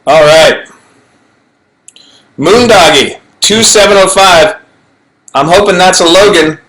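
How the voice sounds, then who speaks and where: A middle-aged man talking alone into a webcam at home, slow and unhurried, with a slightly raised voice. He rambles playfully and drops self-mocking asides. The livestream audio is low quality. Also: fairly bright tone, rough recording. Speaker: actor hosting a fan Q&A livestream. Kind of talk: casual chat to webcam. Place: home, alone in front of a camera.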